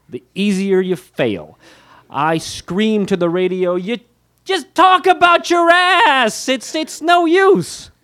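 A man reading his own memoir aloud, with wry, candid, self-mocking humor and light laughs between phrases. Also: medium pitch. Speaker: author narrating his memoir. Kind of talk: audiobook memoir narration.

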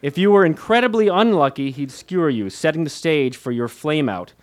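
A man's voice: fairly high pitch, lively intonation, fairly quick. A man reading his own memoir aloud, with wry, candid, self-mocking humor and light laughs between phrases. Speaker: author narrating his memoir. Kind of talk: audiobook memoir narration.

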